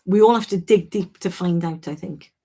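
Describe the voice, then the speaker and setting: Lady doing a live chat with viewers, husky voice, frank and chatty, keeps restarting sentences. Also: lowish voice, normal speed, mellow. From Wales. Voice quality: chatty, self-interrupting, frank. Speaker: livestream host. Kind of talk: casual live chat reading viewer comments.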